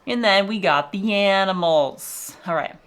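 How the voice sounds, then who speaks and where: A woman's voice: mid-range voice, unhurried, a bit bright. A young woman casually chatting and swearing as she shows off her zoo game, laughing often. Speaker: vlogger showing a zoo game. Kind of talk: casual gameplay chat.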